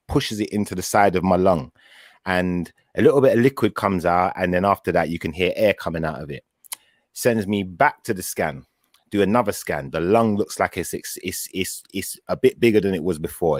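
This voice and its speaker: A man chatting casually, telling a long personal story with lively acted-out quotes. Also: sits low, dry recording, clean studio sound. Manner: animated storyteller, acts out his own quoted words. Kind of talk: casual chat.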